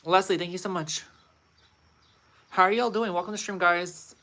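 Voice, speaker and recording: A man's voice: high-pitched, steady tone, moderate pace, pushed and bright. A man hosting a casual livestream, chatting playfully and addressing viewers directly. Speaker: livestream host.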